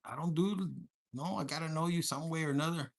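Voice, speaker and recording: A man doing a casual tarot reading to camera. He is crude and profane, jokes constantly, drops Spanish slang into his English and slips into quick mock voices of his listeners. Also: fairly high pitch, creaky. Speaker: tarot reader.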